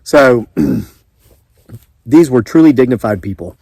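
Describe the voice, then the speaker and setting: A homesteading vlogger with a Southern US accent, from the American South, rambles through a casual story for the camera, restarting often and slipping in asides. His mid-range voice is animated and darkish but slow. There's no echo.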